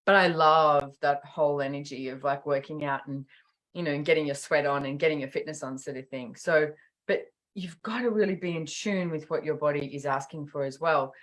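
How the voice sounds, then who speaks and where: A middle-aged woman with a low voice hosts a podcast, chatting casually at a brisk pace. She tells stories in an animated way, acting out the quotes.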